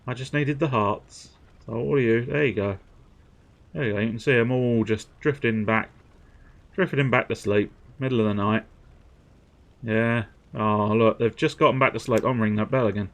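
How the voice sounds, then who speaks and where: A man's voice: on the low side, brisk. A man doing joking, sweary commentary while streaming a building game. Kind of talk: casual gameplay commentary.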